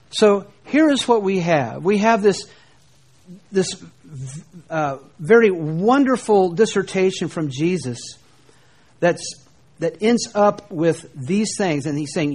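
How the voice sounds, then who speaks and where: Guy preaching a bible lesson, kinda high voice, reads verses slow w/ big pauses. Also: lively intonation. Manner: slow, deliberate reading of scripture with dramatic pauses. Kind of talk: Bible teaching sermon.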